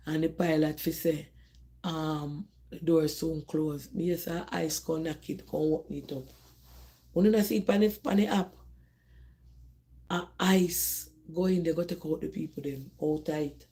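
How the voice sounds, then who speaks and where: A woman's voice: on the low side, mellow. A middle-aged woman from Jamaica with a Jamaican accent, hosting a live phone stream and talking animatedly straight to her viewers, often repeating herself and restarting. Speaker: host of a live call-in discussion. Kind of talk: casual live-stream talk.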